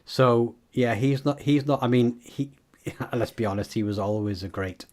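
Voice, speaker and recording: A man's voice: medium pitch, normal speed, darkish tone. A man from Wales hosting a casual group chat, laughing often and rambling through restarts. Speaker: podcast host.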